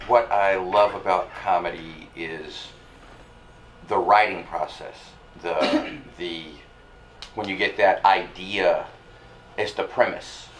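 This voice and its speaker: A man's voice: low voice, steady tone, slow, a bit bright, slight background noise, poor audio. A man, a comedian guest, talking reflectively and earnestly in a casual chat.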